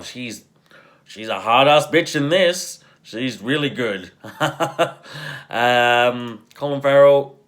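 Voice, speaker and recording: A man talking through a film review in an offhand, rambling way. He trails off and restarts, stacks up fillers, and drops swear words without a pause. His level jumps between loud and quiet, and he laughs often. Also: medium pitch. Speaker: movie reviewer. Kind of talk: casual spoken film review.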